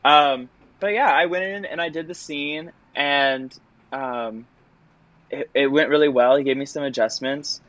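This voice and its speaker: A man's voice: a little high, measured pace, fairly bright tone. A young man, a stage actor, telling an audition story in a chatty, self-deprecating way, with many fillers and laughs. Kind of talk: casual interview storytelling.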